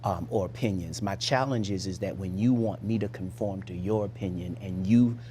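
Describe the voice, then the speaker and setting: A male bishop guest speaks in a lowish voice. He talks in a measured, deliberate way, and a faint hum can be heard behind him. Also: dark tone. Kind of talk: talk show discussion.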